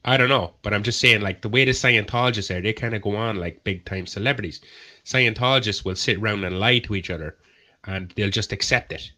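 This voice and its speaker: On a livestream chat show, a male panel member talks crudely and at length in a fairly quick, low-leaning voice that's bright and forceful. He rambles and acts out the people he mocks in mocking voices.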